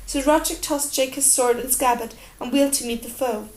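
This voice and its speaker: A woman narrating an audiobook in a steady, expressive storytelling manner. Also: high voice, fairly quick, slight background noise. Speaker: audiobook reader. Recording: roomy echo.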